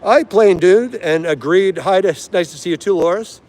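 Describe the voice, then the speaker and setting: A friendly, talkative man runs a live stream from an aviation museum and answers viewers by name as he goes. His voice sits on the higher side for a man. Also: moderate pace, darkish tone. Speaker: livestream host.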